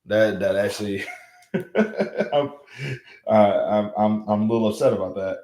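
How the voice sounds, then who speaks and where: A man with a Southern US accent hosting a casual livestream, animated and slangy, often repeating his phrases and talking straight to his viewers. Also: fairly low pitch, unhurried, reverberant. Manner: animated, repeats himself, talks to chat with slangy asides. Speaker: livestream host. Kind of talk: casual live-stream chat.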